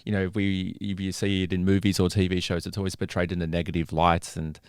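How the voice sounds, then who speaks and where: A man's voice: sits low, level tone, fast talker, darkish tone, clean tone, no room sound, clean studio sound. A man in his late thirties with an Australian accent, chatting animatedly as a podcast guest. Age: 30s. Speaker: podcast guest, psychic medium. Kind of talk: casual podcast chat.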